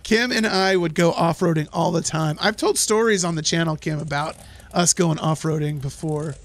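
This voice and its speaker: A hoarse man hosting a live gameplay stream, excitable, laughing often and reading chat aloud. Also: on the high side, normal speed. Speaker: livestream host.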